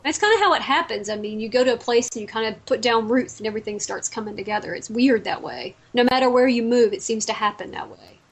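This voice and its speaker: A woman's voice: a little high, quick pace, hardly any pauses, breathy edge. A woman from the American South with a Southern American accent, a guest in a casual interview. She talks chattily and tells stories, restarting her sentences often. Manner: chatty, warm storytelling with frequent restarts.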